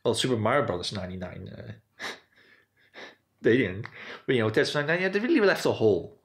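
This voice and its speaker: A man's voice: a little fast, vocal fry. Guy talking games off the cuff, voice bouncing up and down, lots of "you know, like". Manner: rambling, many "you know, like" fillers; animated, jumps up in pitch. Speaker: video host. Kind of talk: casual unscripted commentary.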